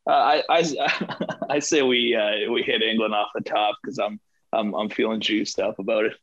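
A man co-hosting a casual football podcast, delivering his jokes deadpan and sarcastic. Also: on the low side, moderate pace, no room sound. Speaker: podcast co-host. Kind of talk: casual sports chat. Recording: dull, dry lo-fi sound.

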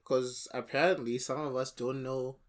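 A man's voice: medium pitch, steady tone, moderate pace. A man co-hosting a casual film podcast, blunt and swearing freely. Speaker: podcast co-host. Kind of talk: casual film review chat.

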